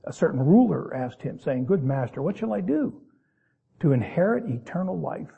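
A man preaching a sermon, reading King James verses and then explaining them in plain folksy asides, sometimes stretching words out slowly for emphasis. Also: a little high, animated, creaky, slightly rough, narrow, tinny audio.

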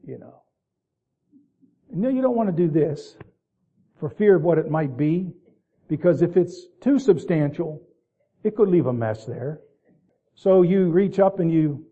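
A man delivers a folksy sermon in a slightly higher, husky voice, leaning on repeated phrases for emphasis. The recording is thin and phone-like. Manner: folksy, slow and deliberate with emphatic repetition. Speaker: preacher.

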